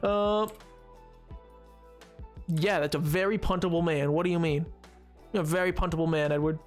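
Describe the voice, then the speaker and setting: A man's voice: a little high, steady tone, normal speed, soft background music. A man streaming a game, chatting and bantering playfully with his viewers. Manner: playful, teasing banter with chat. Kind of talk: casual live-stream chat.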